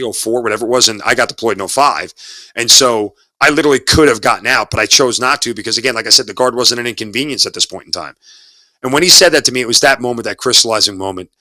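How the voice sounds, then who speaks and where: A man's voice: medium pitch, sharp tone, no room sound. A man in his forties, an army officer and broadcaster, telling his story in an interview in an earnest, talkative way, often repeating words as he searches for them. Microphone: studio mic.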